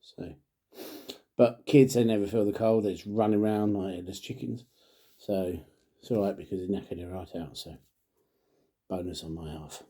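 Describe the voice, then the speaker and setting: A man's voice: low-pitched, normal speed, long pauses, warm tone. A middle-aged man, chatting to camera in a rambling, jokey way while trying drinks, often muttering and trailing off. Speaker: vlogger reviewing drinks; father. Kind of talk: casual chat to camera.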